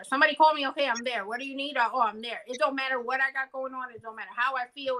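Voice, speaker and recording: A woman co-hosting a podcast in relaxed, reflective conversation. Her voice sits high and sounds bright and clear. She speaks earnestly and thinks aloud, often checking in with "you know what I mean?". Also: poor audio. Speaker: podcast co-host. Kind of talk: casual reflective chat.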